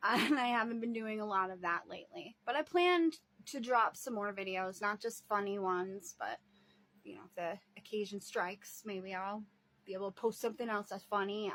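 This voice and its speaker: A woman's voice: on the high side, fairly bright tone. A woman caring for her parents, talking in a rambling casual video diary, laughing often and sighing. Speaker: vlogger and family caretaker.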